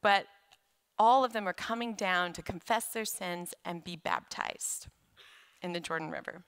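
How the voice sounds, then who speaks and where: A woman giving a sermon as a guest speaker in a church, preaching in a conversational, animated way with casual asides to the congregation. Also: lowish voice, measured pace, smooth. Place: church sanctuary.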